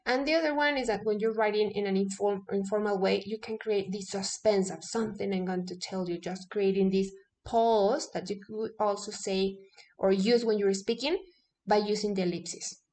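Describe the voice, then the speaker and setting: A woman's voice: mid-range voice, fairly even intonation, moderate pace, darkish tone, slight background noise. A woman English teacher, a native Spanish speaker, explaining grammar step by step, often checking in with "okay?" and correcting herself mid-sentence.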